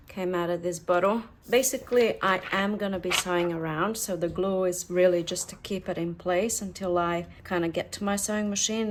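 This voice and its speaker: A woman walks through a craft project step by step in an easygoing, conversational way. She thinks aloud and adds offhand asides as she works at home. Her voice sits at a middling pitch. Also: background noise. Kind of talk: casual step-by-step craft tutorial.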